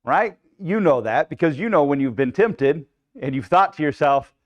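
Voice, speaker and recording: A man's voice: on the high side, animated, moderate pace, highs cut off. A male pastor teaching a live Bible study in a conversational preaching style, often checking in with "right?" and acting out people's inner voices.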